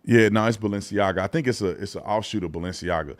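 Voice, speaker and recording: A man's voice: lowish voice, fast talker, no echo. A man hosting a live commentary show, talking in a blunt, opinionated and mocking way, with loose casual phrasing and frequent restarts. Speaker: show host.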